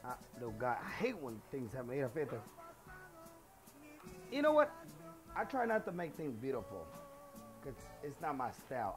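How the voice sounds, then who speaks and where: A middle-aged man, hosting a casual home cooking show in his kitchen, chatty and boastful, dropping phrases as he goes. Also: a little high.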